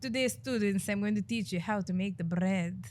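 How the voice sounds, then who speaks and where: A woman's voice: mid-range voice, fairly quick, a little mellow, slight background noise, lightly acted. A woman voicing a theatrical female cooking teacher with a put-on Italian accent. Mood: playful.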